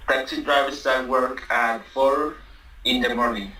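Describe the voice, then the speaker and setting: A man's voice: mid-range voice, fairly even intonation, unhurried, bright, forceful tone, reverberant, distant mic, rough recording. A man whose first language is Spanish, answering a teacher hesitantly with short replies. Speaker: student.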